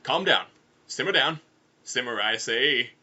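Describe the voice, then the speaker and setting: A man's voice: mid-range voice, expressive, unhurried, sharp tone, husky, dull audio, heavily acted. A man voicing a formal, old-fashioned male detective who speaks sternly.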